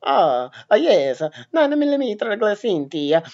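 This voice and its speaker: A man voicing a boomer Italian man in a mock Italian accent, high and strained. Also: big pitch swings, moderate pace, darkish tone, lo-fi sound. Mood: mock-proud. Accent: put-on Italian. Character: old Italian man grumbling about world wars.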